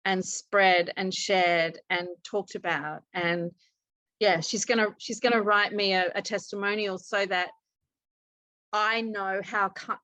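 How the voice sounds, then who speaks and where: A woman self-love coach, guest in a casual interview, retelling a story with lively quoted dialogue. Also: mid-range voice, no room sound, rough recording.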